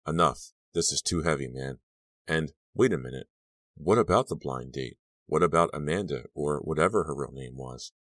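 A man narrating a teen horror novel, with measured, brooding storytelling into a close mic. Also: very deep voice, no room sound. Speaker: audiobook narrator. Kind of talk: scripted narration.

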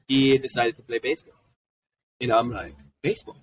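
A man in his forties with a German accent, a guest on a podcast, telling family stories in a lively, casual way and acting out what his kids said. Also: mid-range voice, moderate pace. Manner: animated, jumps into quoted voices of his kids. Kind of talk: casual storytelling. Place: convention podcast booth. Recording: voice a bit distant from the mic.

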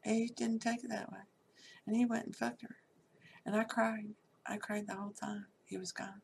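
Middle-aged woman, gravelly voice, candid and blunt personal storytelling, slight background hum. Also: mid-range voice, flat delivery, normal speed. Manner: candid, blunt, swears freely.

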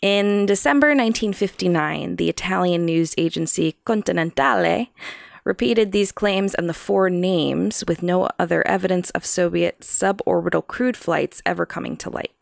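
Creaky-voiced woman reading podcast notes. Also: fairly low pitch, normal speed, no room sound, clean studio sound. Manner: reads prepared notes, laughs often at her co-host's jokes. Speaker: podcast co-host presenting the research. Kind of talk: casual chat reading from notes.

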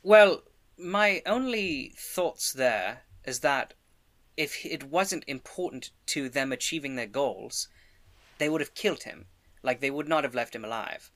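A man playing a tabletop game, speaking as his character in an earnest, deliberate way. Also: medium pitch, lively intonation, fairly bright tone. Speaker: player.

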